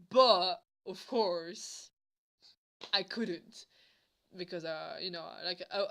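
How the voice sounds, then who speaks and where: A woman vlogger in casual storytime mode, with a bright and sharp tone. She rambles, restarts often and drops a swear now and then. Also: fairly low pitch, smooth. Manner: rambling, full of fillers and swearing.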